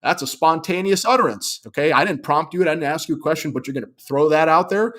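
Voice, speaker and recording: A man's voice: fairly high pitch, fast, fairly bright tone, close to an everyday voice. A man acting out a cocky male cop gloating over a suspect's slip.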